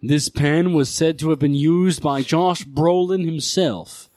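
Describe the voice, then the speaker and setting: A man voicing a pompous male auctioneer with a grandiose, drawn-out way of announcing. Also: on the high side, a little mellow, no room sound, voice pushed up.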